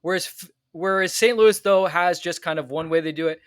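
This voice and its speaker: A man co-hosting a soccer podcast, calmly breaking down tactics step by step in casual chat. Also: high-pitched, a little fast, smooth, no room sound, clean studio sound.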